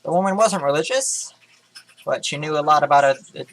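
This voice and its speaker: A tired young gaming vlogger casually reads a story aloud from his webcam in an indoor room, speaking a little fast in a fairly bright voice on the high side. He throws in sarcastic asides and stumbles over words, and the recording quality is low.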